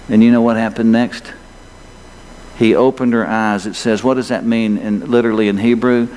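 A man's voice: on the low side, steady tone, moderate pace, darkish tone. Male pastor preaching, keeps asking the congregation questions, long echo of a big church hall. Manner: emphatic, rhetorical questions to the congregation. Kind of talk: sermon. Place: church sanctuary.

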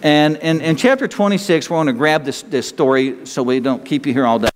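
A man's voice: on the high side, a little fast, in a large hall. A man preaching a sermon to his congregation in a folksy, joking manner, talking straight to the people in front of him. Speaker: pastor.

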